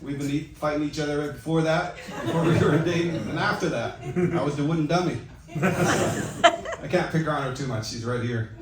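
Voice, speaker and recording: A middle-aged man doing a stand-up comedy set, delivering deadpan self-mocking one-liners. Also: a little high, normal speed. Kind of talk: open-mic stand-up set. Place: comedy club stage with audience. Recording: echoey club from far off, loud noise. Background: audience laughter.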